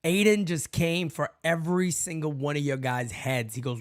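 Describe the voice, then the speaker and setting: A man hosting a casual live fan chat stream, bantering loudly with viewers and swearing as he laughs. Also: on the high side, fairly even intonation, normal speed.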